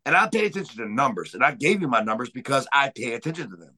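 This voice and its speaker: A man's voice: mid-range voice, big pitch swings, fast talker, pushed and bright, poor audio. A man on a podcast giving a heated, profane rant about pro wrestling. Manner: heated, profane, emphatic ranting.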